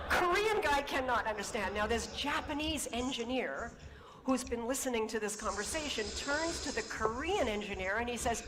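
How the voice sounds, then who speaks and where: A woman giving a conference-style talk, telling an anecdote in an animated way and imitating the people in her story. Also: fairly high pitch, normal speed. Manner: animated, puts on accented voices for quoted people. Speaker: conference speaker. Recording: hall reverb and noisy talk recording.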